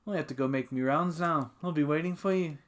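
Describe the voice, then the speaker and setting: A man's voice: on the high side, fairly quick, lightly acted. A man voicing a polite wandering male seed salesman in a game, read in a plain, courteous way. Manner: plain courteous reading, no accent put on.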